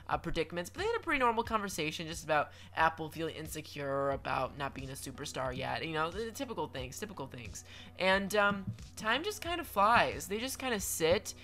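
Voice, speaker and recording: A young male gaming commentator gives chatty, playful commentary over a video game, full of stammered restarts and mock-dramatic asides. His voice is high-pitched, bright and forceful.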